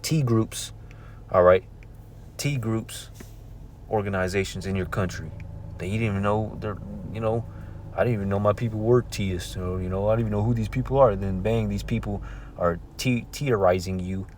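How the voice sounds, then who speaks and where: A man's voice: on the low side, steady tone, fairly quick, darkish tone, a little hiss or hum. A man preaching informally from scripture, talking conversationally and checking in with "all right?" and "man" between verses he reads aloud. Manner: reads verses aloud in old-fashioned wording.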